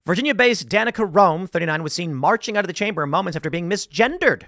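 A man hosting a political commentary monologue, sarcastic and emphatic, jumping between loud jabs and quiet asides. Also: sits high, animated, fast talker, dry recording, clean studio sound. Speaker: commentary host.

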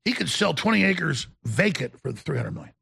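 A man hosting a talk show, ranting to viewers in a combative, mocking way, breaking into shouts and stammering restarts when worked up. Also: fairly high pitch, big pitch swings, moderate pace, gravelly, husky.

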